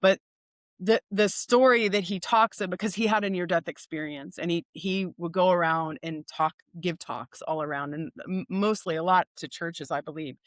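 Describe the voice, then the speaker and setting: A woman's voice: lowish voice, fairly even intonation, normal speed, no echo, studio quality. A woman guest on a podcast, telling stories earnestly in conversation with frequent restarts. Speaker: guest speaker.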